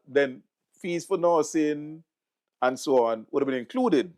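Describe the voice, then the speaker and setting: A man's voice: on the high side, expressive, a little slow, a little mellow. A middle-aged man with a Vincentian accent, hosting political commentary in a mocking, sarcastic manner and repeating words for emphasis. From St Vincent and the Grenadines. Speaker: host.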